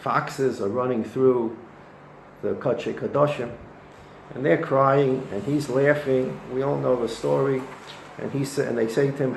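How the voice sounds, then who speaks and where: Rabbi teaching in an echoey room. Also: male voice, medium pitch, measured pace, vocal fry. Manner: animated storytelling with Hebrew and Yiddish terms. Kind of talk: weekly Torah lesson. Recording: echoey room with faint noise.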